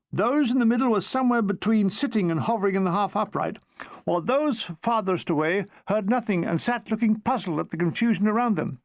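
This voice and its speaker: A man reading a memoir aloud as an audiobook, with expressive comic timing. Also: high voice, dry recording, studio quality. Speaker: audiobook reader. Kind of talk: audiobook narration of a war memoir.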